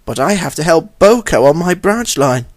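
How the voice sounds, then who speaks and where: A man voicing a kindly, friendly male steam engine in a fan audio story, warm and exclaiming. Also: fairly high pitch, animated, normal speed, voice pushed up.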